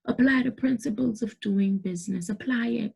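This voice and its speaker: A woman's voice: a little high, normal speed, gravelly, darkish tone, breathy edge. A middle-aged woman, giving emphatic motivational business advice to camera and repeating points for stress. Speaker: business coach.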